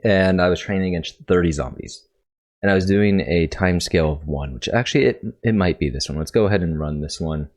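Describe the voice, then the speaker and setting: A man's voice: deep voice, fairly quick, darkish tone. A man hosting a casual coding tutorial, thinking aloud and correcting himself as he goes, sounding congested. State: congested, coughing.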